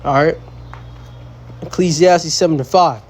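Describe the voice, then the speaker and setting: A man's voice: a little high, fairly even intonation, measured pace, darkish tone. A young man teaching scripture in a blunt, profane, casual way, mocking fools and quoting verses. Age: young adult. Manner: blunt, profane, mocks foolish people in voices. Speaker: street preacher.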